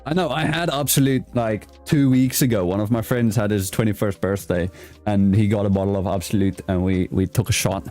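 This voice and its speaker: Mellow-voiced man hosting a casual chat. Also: fairly low pitch, brisk, faint music behind. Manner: stumbling, self-correcting, laughing at himself. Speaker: show host.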